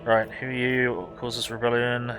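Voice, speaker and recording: A man's voice: medium pitch, level tone, moderate pace, low-quality recording. A man playing through a role-playing game, reading the story text aloud and swearing at times.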